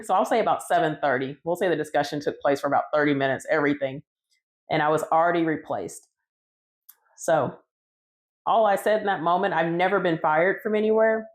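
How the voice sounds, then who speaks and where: A woman who bakes cakes, recounting her story casually in a conversational vlog. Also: fairly low pitch. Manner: casual, conversational, retelling dialogue. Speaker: home cake baker telling her story.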